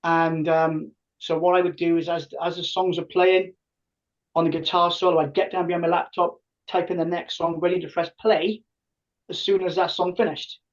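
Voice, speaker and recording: A man in his fifties tells stories on a podcast. He talks in an animated way and acts out voices from his past. The sound is muffled and lo-fi. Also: on the high side, moderate pace, distant mic. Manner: animated, acts out quoted dialogue. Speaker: podcast guest, tribute band singer. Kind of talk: casual storytelling. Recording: muffled lo-fi audio.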